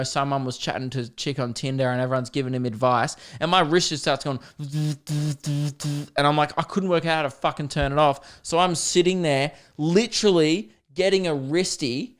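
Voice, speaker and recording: A man's voice: fairly high pitch, clear, resonant tone. Swearing, ranting young man. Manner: swears a lot, laughs and jumps to loud exasperated outbursts. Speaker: podcast host. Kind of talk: comedic rant.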